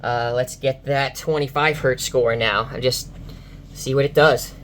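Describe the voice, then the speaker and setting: A woman vlogging car audio tests from inside a car, excitable and exclaiming to her viewers as she talks through the results. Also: rumbling low, a little slow, slight background noise. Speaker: car audio enthusiast testing subwoofers. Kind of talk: excited vlog commentary.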